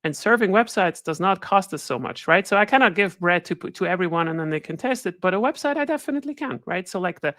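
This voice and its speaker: A woman's voice: on the low side, lively intonation, fast talker, hardly any pauses, a bit bright, no echo, studio quality. A woman giving a conversational webinar talk as guest speaker, often checking in with her listeners by asking "right?". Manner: conversational, keeps adding "right?" tag questions. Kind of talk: webinar presentation.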